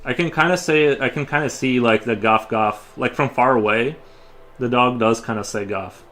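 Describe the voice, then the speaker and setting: A man's voice: mid-range voice, moderate pace, fairly bright tone, soft background music. A man chatting casually on a live stream while he draws, rambling with frequent restarts and fillers. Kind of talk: casual livestream chat. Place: home studio while drawing.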